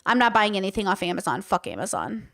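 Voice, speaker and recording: A woman's voice: mid-range voice, very animated, fast, vocal fry, a bit bright, dry recording, studio quality. A young woman giving casual, opinionated commentary with many fillers as host of a reaction show. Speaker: host reacting to a podcast clip.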